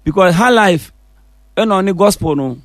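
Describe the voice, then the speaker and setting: Give me a Ghanaian musician talking casually in an interview, high voice, dry sound. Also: male voice, unhurried, no room sound. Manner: relaxed storytelling, mixing English and Fante. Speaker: musician guest.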